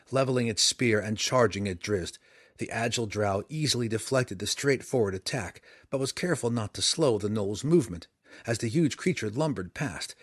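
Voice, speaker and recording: A man with a fairly low voice narrates a fantasy audiobook. His reading is measured and dramatic, paced for storytelling. The sound is close and dry, with no room around it. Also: no echo.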